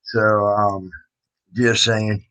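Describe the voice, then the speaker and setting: Guy rambling on his livestream, slow, bright kinda forward voice, lots of uh and um. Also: fairly low pitch, little pitch movement, smooth, poor audio. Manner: loose and rambling, greets chatters, many fillers and restarts; mocking singsong when teasing. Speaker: livestream host. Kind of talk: casual livestream commentary.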